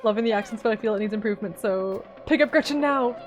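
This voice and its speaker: A woman streaming a horror game, chatting casually in an excitable, jokey way. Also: medium pitch, fast, soft background music. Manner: excitable, jokey, laughs often. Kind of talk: casual let's-play commentary.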